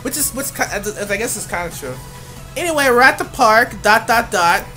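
A woman hosting a let's-play of a dating game, loud and gushing, swearing often and laughing at what happens on screen. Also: on the high side, animated, moderate pace, soft background music. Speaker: video host.

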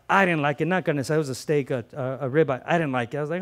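Racing along with hardly a pause, a middle-aged pastor preaches in a slightly high voice. His passionate delivery swings between loud emphasis and quiet sincerity, with phrases repeated for weight.

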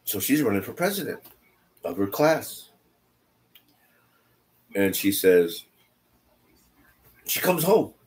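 A middle-aged man telling family stories while teaching a Bible study, animated and repeating phrases for emphasis. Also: lowish voice, takes it slowly, long pauses. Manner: animated, repeats phrases for emphasis, jumps between quiet asides and loud quoted lines. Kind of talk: casual storytelling in a Bible study.

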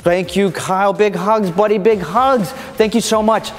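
A man's voice: high-pitched, steady tone, measured pace, big-room sound, a little hiss or hum. A man hosting a comedy show with a playful, theatrical, mock-indignant delivery. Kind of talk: comedic scripted presentation.

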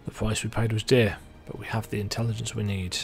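A man's voice: lowish voice, flat delivery, brisk, creaky, faint music behind. A man reading as a solemn naval officer. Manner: read-out game dialogue.

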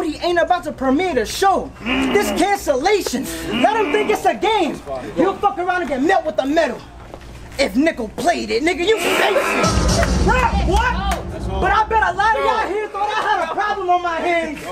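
A man from Florida performing in a rap battle, taunting his opponent in punchy bars with shouted bursts. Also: very high voice. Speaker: battle rapper. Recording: noisy live event with crowd ambience.

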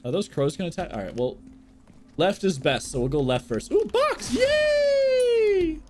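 Excitable young man streaming a game. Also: medium pitch, a little fast, loud music behind the voice. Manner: excitable, jokey, swears a lot, talks to chat. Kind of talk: live gameplay commentary.

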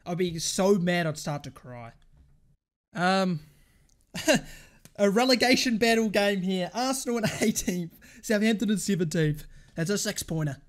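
A young man streaming a football video game, swearing constantly and switching between shouted outbursts and muttered grumbling at the match. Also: high voice, animated, unhurried. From England. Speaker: gaming streamer. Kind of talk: live gameplay commentary.

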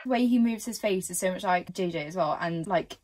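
A woman's voice: on the low side, brisk, darkish tone. A young woman giving casual, chatty reaction commentary at home, full of fillers and giggles. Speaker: reaction vlogger.

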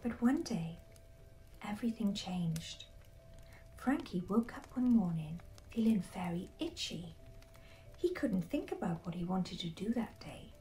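A woman narrating a bedtime story in a soft, hushed, slow whisper. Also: medium pitch, lively intonation, recorded from a distance, soft background music, rough recording.

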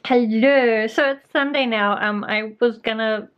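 A woman's voice: on the high side, steady tone, unhurried, soft background music. Young woman, New Zealand accent, casual book vlog, self-deprecating, slightly muffled sound. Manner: chatty and self-deprecating, with frequent fillers. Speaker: book vlogger.

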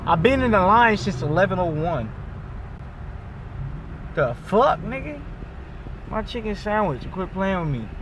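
A young man with a high voice rants loudly from his car, exasperated and swearing as he talks to a phone. Faint traffic hums in the background. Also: sing-song, measured pace, long pauses. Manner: loud, exasperated, swearing, shifts pitch often. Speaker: vlogger. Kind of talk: casual vlog rant. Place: in a car in a drive-thru line.

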